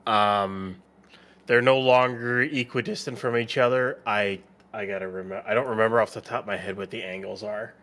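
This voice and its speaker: A man's voice: on the low side, steady tone, normal speed, fairly bright tone. A man explaining hesitantly, thinking aloud and restarting. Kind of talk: casual live-stream chat.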